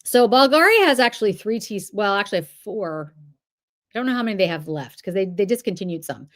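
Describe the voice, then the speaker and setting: A woman's voice: medium pitch, expressive, fairly quick. Chatty woman hosting a livestream. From Boston area, New England. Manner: chatty, rambling, answers viewers' comments aloud. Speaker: livestream host. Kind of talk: casual livestream chat reading comments.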